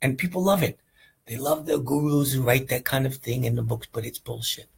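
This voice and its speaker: A man's voice: mid-range voice, fairly even intonation, fairly quick, creaky, slightly rough, low-quality recording. A man giving a casual, rambling meditation lesson, earnest and often checking in with "right?". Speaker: meditation teacher.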